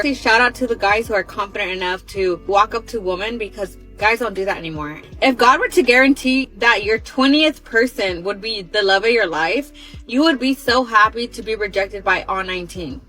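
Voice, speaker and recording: A woman's voice: medium pitch, pushed and bright, low-quality recording. A woman speaking her opinions on dating to camera in an assertive, preachy way.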